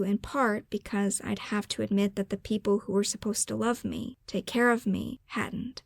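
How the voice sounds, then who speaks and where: A woman hosting a self-care podcast, reading her own personal story aloud in an earnest, measured way and slowing down for emphasis. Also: medium pitch, creaky, darkish tone, no room sound. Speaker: podcast host.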